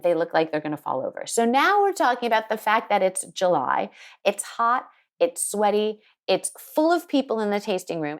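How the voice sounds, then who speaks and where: A woman winemaker telling an animated story in an interview, acting out the people she quotes. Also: mid-range voice. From United States. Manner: lively, quotes people in put-on voices. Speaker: winemaker guest. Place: her home in Sonoma County.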